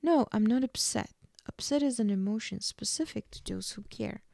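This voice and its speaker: A brooding, heartbroken male vampire, his lines read close and low by a woman in her own voice. The tone is mellow with a gravelly edge, and the sound is dry and close. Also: normal speed, dry recording, natural voice.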